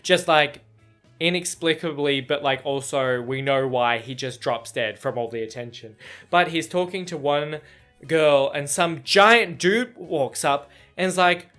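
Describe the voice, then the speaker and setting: A man's voice: fairly high pitch, unhurried, fairly bright tone, faint music behind. A man chatting casually in a reaction vlog about a book chapter, rambling with lots of fillers, restarts and swearing.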